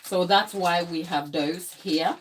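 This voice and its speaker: A young woman talks slowly and unhurriedly while frosting cupcakes on a livestream. She is chatty and emotional, laughs often and talks straight to her viewers. She sounds a little tired. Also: lowish voice, slight background noise. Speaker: baker hosting a livestream. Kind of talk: live baking tutorial chat.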